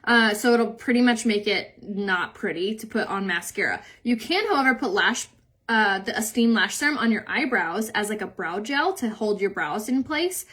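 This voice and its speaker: Answering comments on her makeup live stream, a young woman chats and rambles, laughing easily and using "like" a lot. She speaks at normal speed in a mid-range, slightly bright voice with lively intonation.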